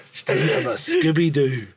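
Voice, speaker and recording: There's background noise behind this Scottish podcast co-host, whose voice sits fairly high. Chatting casually, he wanders, says words twice and often starts his sentences over.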